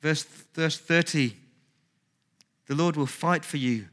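Male pastor, sermon delivery, bright edge, slightly high, emphatic and questioning. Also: slow pace. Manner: emphatic preaching with rhetorical questions and repetition.

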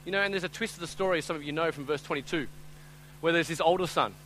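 This pastor preaches a sermon like he's telling a story to friends, tossing in "right?" and "I'm telling you," acting out voices, and swinging between loud and hushed. His voice runs on the high side and quick, over poor audio with slight background noise.

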